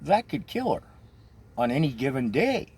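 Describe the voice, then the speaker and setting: A man's voice: sits high, wildly swooping pitch, measured pace, a little mellow, slightly rough, pitched above the performer's own voice, heavily acted. A man voicing a frantic young woman who pleads and stammers in alarm. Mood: aghast.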